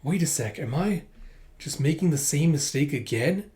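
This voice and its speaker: Man reading as earnest young woman trainee, self-critical, fairly high voice. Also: lively intonation, moderate pace, a little mellow, natural voice.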